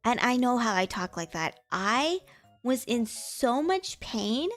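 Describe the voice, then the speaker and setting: A young woman streamer chatting casually and tiredly, laughing often, moving between a higher voice and a lower natural voice. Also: big pitch swings, slow, soft background music. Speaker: VTuber streamer.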